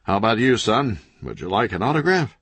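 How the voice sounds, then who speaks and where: A man's voice: fairly low pitch, big pitch swings, a little fast, a bit bright, slightly rough, no room sound, heavily acted. A man voicing a big, friendly male author who is eager and oblivious.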